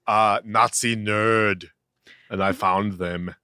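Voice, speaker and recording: A man voicing a slow-talking, self-important male pop musician in an unplaced put-on accent. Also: lowish voice, fairly even intonation, sharp tone, clean tone, no room sound, clean studio sound. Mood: smug. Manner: slow, drawn-out delivery.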